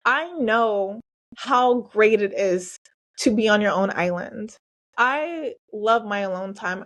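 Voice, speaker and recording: A woman in her forties hosting a heartfelt solo podcast, earnest and emotional, talking to listeners with lots of "like" and "y'all". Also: a little high. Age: 40s. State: tearful at times. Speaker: podcast host and coach.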